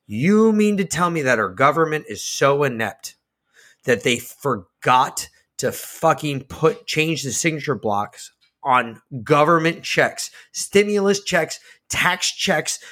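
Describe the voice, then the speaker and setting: Profane ranting man on a podcast. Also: medium pitch. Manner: swings between loud outbursts and slow emphasis. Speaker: podcast co-host. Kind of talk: casual political chat.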